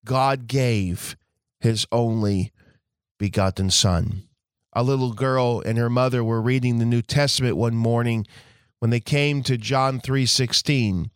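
Male pastor, middle pitch, dry booth-like sound, measured emphatic sermon voice. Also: smooth, dry recording. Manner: slow, emphatic preaching with drawn-out key phrases.

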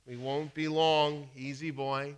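A man voicing an old grandfather who speaks in a calm, controlled, soothing way. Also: on the high side, slow pace, clear, resonant tone.

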